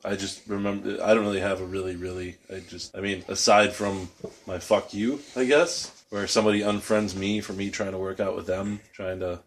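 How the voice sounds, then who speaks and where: A man's voice: sits low, steady tone, brisk. A man co-hosting a podcast, chatting casually and telling rambling anecdotes with frequent restarts. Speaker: podcast co-host. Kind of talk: casual chat.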